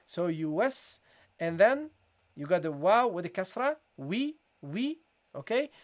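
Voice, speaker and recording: A Quran recitation teacher giving a live online tajweed lesson, who keeps saying "guys" and "okay" and drills each Arabic word in slow, drawn-out repeats. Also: medium pitch, big pitch swings.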